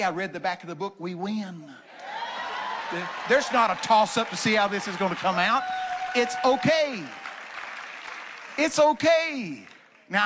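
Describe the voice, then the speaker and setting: An older man preaching from the pulpit, telling folksy stories in an animated way, with joking and loud bursts. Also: high-pitched, background noise. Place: church sanctuary.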